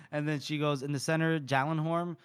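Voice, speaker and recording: A man's voice: on the high side, smooth. Man casually retelling a book chapter. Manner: retells scenes, briefly voicing characters' lines. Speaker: podcast co-host. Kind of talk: casual book-discussion chat.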